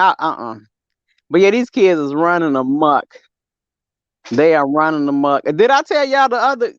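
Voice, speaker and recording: A woman's voice: lowish voice, a bit bright, no room sound. A woman, co-hosting a casual podcast chat, talking bluntly and emphatically with plenty of slang. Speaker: podcast co-host. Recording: dry, slightly dull sound.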